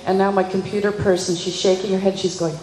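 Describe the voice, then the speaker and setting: A woman's voice: medium pitch, fast. A woman dressage judge telling a funny competition story to an audience, acting out what people said. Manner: lively, animated storyteller acting out quotes. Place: large hall. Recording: echoey hall recording with faint noise.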